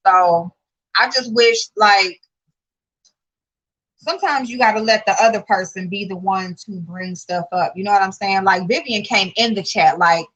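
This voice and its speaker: A woman's voice: medium pitch, moderate pace, fairly bright tone, highs cut off. A woman, a channel host giving casual, profane commentary, blunt and sassy, rising to exasperated outbursts. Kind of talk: casual live-stream commentary.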